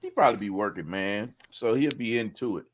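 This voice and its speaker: A middle-aged man with a fairly low voice, talking easily with friends in a slow, drawn-out way. He laughs often and lets his stories run long. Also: animated. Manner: laid-back, laughs often, drawn-out storytelling. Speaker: podcast co-host. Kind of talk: casual chat among friends.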